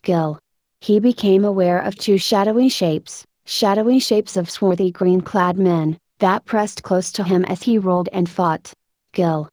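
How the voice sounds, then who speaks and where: A woman narrating a story in a steady, measured reading voice. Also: mid-range voice, no echo. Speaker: audiobook narrator.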